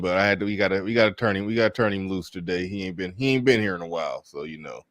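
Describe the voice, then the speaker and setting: A man hosting a casual live-stream panel, laid-back and halting. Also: sits low, fairly bright tone, no echo, studio quality.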